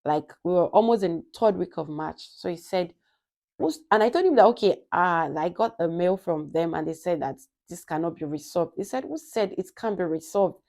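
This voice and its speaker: A young Nigerian woman vlogger with a Nigerian accent, telling a personal story in a casual, animated way and acting out the dialogue. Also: on the low side, moderate pace. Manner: animated, acts out quoted dialogue.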